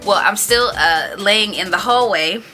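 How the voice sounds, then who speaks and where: A woman in her thirties tells a personal story in a casual vlog. She is animated and acts out the other people in it with raised voices. Her voice is bright and clear, with faint music playing underneath. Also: mid-range voice, measured pace. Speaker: beauty vlogger.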